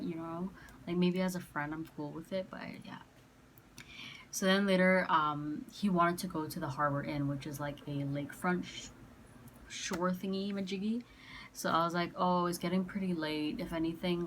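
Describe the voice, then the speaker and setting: Low-voiced young woman telling a story. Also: a little hiss or hum. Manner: chatty, quotes herself and others, many fillers like "like" and "um". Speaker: vlogger. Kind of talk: casual storytelling.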